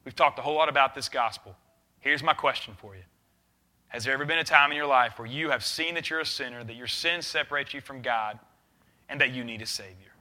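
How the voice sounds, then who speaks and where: A youth pastor delivers a sermon with real earnestness, his mid-range voice moving a little fast as he swings between loud urging and quiet intensity.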